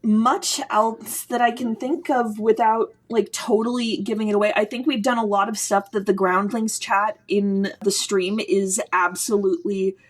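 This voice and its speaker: An American woman, a theatre director, in casual chat, emphatic and animated, talking in quick bursts. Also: mid-range voice.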